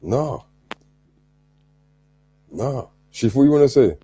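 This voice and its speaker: A man's voice: medium pitch, lively intonation, slow pace, mellow, breathy edge, no room sound. A male host talking casually and addressing the audience directly. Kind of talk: casual chat.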